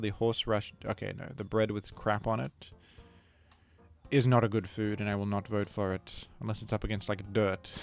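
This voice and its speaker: A man giving casual, rambling gameplay commentary as a video creator, chatting to viewers and often correcting himself mid-sentence. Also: lowish voice.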